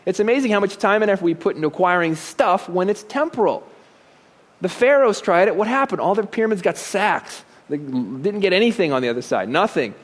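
A man giving a conversational sermon, asking rhetorical questions and dropping joking asides. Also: high voice. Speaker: preacher.

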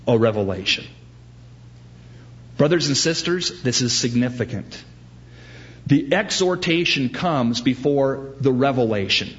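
Man, pastor, sermon, slow measured delivery, animated, dull lo-fi recording. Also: mid-range voice. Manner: animated preaching, acting out quoted voices.

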